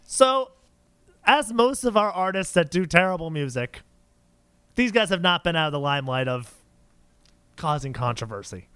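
A man's voice: a little high, animated, moderate pace, pauses often, bright, forceful tone, clean tone, dry recording. A man hosting a podcast in casual chat, laughing often and tripping over names. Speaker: podcast host.

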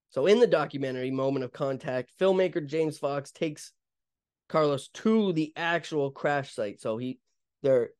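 A young man hosting a podcast retells an event in a casual, rambling monologue full of fillers and restarts. His medium-pitched voice is smooth and a little mellow, recorded dry.

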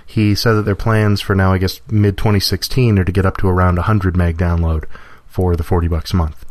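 A man's voice: deep voice, flat delivery, fairly quick, darkish tone, dry recording. A man co-hosting a podcast, talking casually with wry, joking asides. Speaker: podcast co-host.

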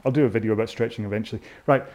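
A man's voice: on the low side, steady tone, very fast, a little mellow. A British man coaching a rowing workout, talking casually and rambling in a self-mocking way. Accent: British English. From Britain. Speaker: rowing instructor. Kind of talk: casual talk over a row-along workout.

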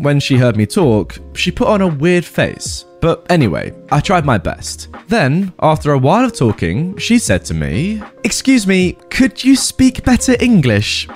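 A young man reading online stories aloud and adding opinionated commentary, talking directly to viewers. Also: fairly high pitch. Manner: animated, opinionated, talks to viewers. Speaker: story narrator and commentator.

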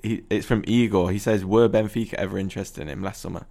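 A man's voice: fairly low pitch, fairly even intonation, quick pace, dark tone. A man hosting a casual football podcast, talking in a dry, understated, slightly pessimistic way. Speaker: podcast host.

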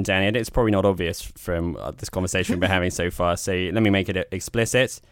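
A man with a low, smooth voice co-hosts a film podcast, chatting wryly and wandering through his points with frequent restarts. The sound is dry and close to the mic, with no room echo. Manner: rambling, wry, full of restarts. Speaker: podcast co-host. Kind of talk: casual film review chat.

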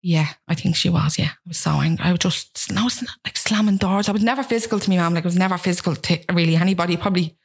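A woman's voice: fairly low pitch, slightly rough. A young woman with a Dublin Irish accent, telling her own story as a guest in a candid, self-mocking way and acting out what people said. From Ireland. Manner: rapid, frank, self-mocking, acts out quotes.

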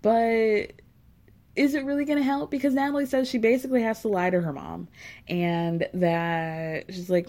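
A woman's voice: on the high side, fairly even intonation, normal speed, dark tone. A woman recapping a reality show in a casual, gossipy and sarcastic way, with giggly asides.

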